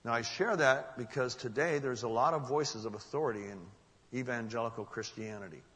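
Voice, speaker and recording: Bright-voiced male preacher in a reverberant hall. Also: mid-range voice, a little fast. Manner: earnest, emphatic, drops to a hush for solemn moments. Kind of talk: sermon storytelling.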